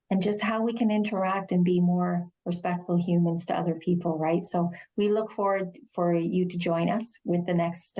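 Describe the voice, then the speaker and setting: A middle-aged woman with a quiet, soothing voice, speaking slowly and gently as a guest explaining de-escalation in a TV interview. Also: lowish voice. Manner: slow, measured, gentle delivery. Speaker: shelter executive director, interview guest.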